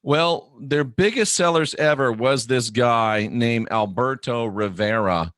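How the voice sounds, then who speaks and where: A middle-aged man hosting a live online talk show, talking bluntly and animatedly, sometimes breaking into loud mock shouts. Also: medium pitch, takes it slowly, no room sound, studio quality. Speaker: host.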